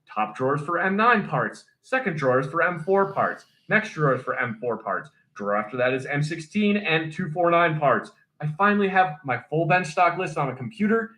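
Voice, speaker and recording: A male streamer and military veteran telling profane, animated stories in casual chat. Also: fairly high pitch, normal speed, few pauses. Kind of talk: casual storytelling on a drunkstream.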